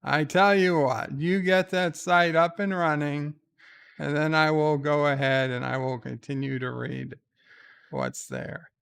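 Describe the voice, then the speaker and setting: A man's voice: on the high side, steady tone, measured pace, vocal fry, a bit bright, clean tone, no echo. A middle-aged man hosting a livestream, reading viewer letters and chatting in a wry, rambling way that stammers on restarts. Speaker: livestream host. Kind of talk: casual stream chat, reading viewer letters.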